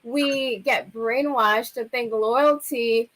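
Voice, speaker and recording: A woman's voice: on the high side, steady tone, takes it slowly, a bit bright, poor audio. A woman on a casual panel discussion, answering firmly and decisively.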